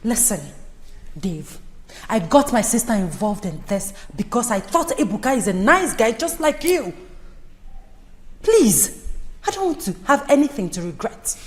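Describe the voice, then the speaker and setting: An upset, protective young woman with a Nigerian accent, pressing her point insistently. Her fairly high voice swings widely in an echoey room over faint music. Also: very animated, a little slow. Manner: insistent, agitated.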